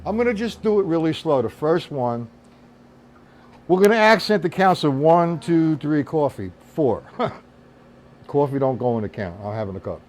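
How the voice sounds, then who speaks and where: A man's voice: on the high side, animated, moderate pace, long pauses, a little hiss or hum. A man teaching a drum lesson on a live stream, explaining accents and counting the beats aloud. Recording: loud drums behind the voice. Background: drum kit playing.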